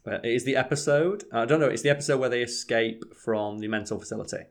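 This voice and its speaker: A man's voice: mid-range voice, quick pace. Guy ranting about a show, swears a lot, acts out lines. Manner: animated, swears often, acts out quotes. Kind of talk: casual chat.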